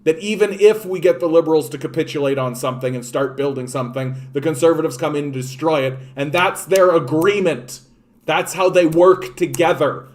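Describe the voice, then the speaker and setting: A man with a Canadian accent rants about the news, swearing constantly and mocking what he reads aloud. His voice sits a bit higher than most men's. He breaks off now and then to answer his live chat. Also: fairly quick, darkish tone. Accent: Canadian English. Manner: profane, sarcastic, reads articles aloud mockingly. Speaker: political commentator streaming live. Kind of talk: angry political rant with live chat.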